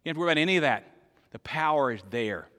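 An older male pastor delivers a sermon with a bright, forceful voice. He asks the congregation questions and swings between loud emphasis and quiet, hushed lines. The sound rings with a long reverb, like a large sanctuary. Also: on the high side, expressive, very fast.

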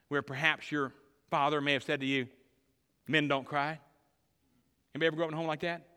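Man preaching in an echoing hall. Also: medium pitch. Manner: dynamic preaching, swinging from loud emphasis to hushed tenderness. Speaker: pastor. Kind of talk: sermon. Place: church sanctuary.

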